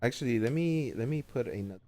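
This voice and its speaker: A man narrating as game master of an online tabletop game, talking casually and haltingly with many fillers. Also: mid-range voice, expressive, warm tone.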